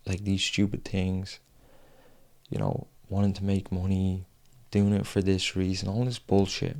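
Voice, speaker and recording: A young man speaks in a low, deeply gravelly voice with a warm, dark tone. He tells his story frankly and rawly, with plenty of swearing. He breaks it up with long pauses and sighs. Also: flat delivery. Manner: raw, frank and heavy with swearing. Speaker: fitness vlogger. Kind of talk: confessional personal storytelling.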